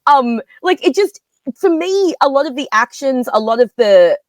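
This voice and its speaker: A woman, co-hosting a casual film review chat, talking in an animated way with many fillers. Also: high voice, moderate pace, dry recording. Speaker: podcast co-host.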